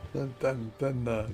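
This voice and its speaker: An older man, in his fifties, talks his way through a game in a loose, rambling stream of commentary, chuckling to himself now and then. His voice sits at an ordinary middle pitch, with soft music running underneath. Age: 50s. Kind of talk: casual gameplay commentary.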